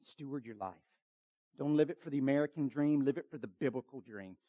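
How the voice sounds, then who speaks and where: A man preaching a sermon as pastor, urgent and emphatic, with quick asides to the congregation. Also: medium pitch, narrow, tinny audio.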